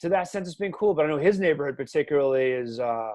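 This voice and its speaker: Man in his 30s, podcast host, slightly high voice, loose rambling chat, filler-heavy. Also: animated, fast, darkish tone. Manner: loose, rambling, says "like" and "you know" often. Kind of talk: casual chat.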